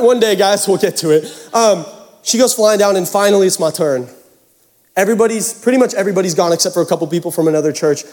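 A youth pastor from Seattle gives a sermon, telling a joking, animated story to the congregation in a large church hall. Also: male voice, high-pitched. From Seattle area, United States. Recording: long hall reverb.

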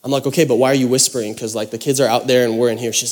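A man's voice: mid-range voice, fast talker. Man, young adult, pastor, from the Pacific Northwest, dramatic storytelling, echoing hall. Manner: animated, self-mocking, dramatic storytelling. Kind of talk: storytelling sermon. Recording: hall reverb.

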